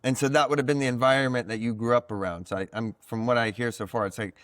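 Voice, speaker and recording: A man in a relaxed podcast chat who explains things like a patient teacher and leans on "like" as he thinks. His voice sits at an everyday middle pitch. The sound is dry and close, with no room around it. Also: fast talker, clean tone, dry recording. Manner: reflective, teacherly, full of "like" fillers. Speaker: podcast guest, card reader. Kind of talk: casual podcast conversation.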